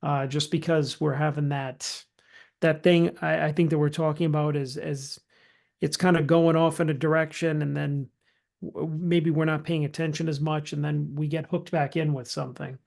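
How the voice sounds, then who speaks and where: A man's voice: fairly high pitch, level tone, moderate pace, creaky, darkish tone. A man co-hosting a podcast, chatting casually and hesitantly, restarting his sentences. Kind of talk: casual chat.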